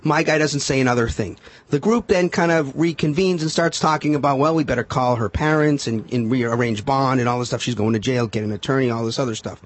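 A man's voice: medium pitch, a little fast. A man telling a case story as a guest on a radio talk show, acting out the quotes. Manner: animated storyteller, acts out quotes. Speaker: defense attorney guest.

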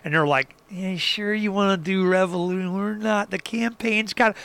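High, bright, animated storytelling man. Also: normal speed, creaky, smooth, dry recording. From Arizona. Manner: animated storyteller, acts out others and whoops. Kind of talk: casual political talk.

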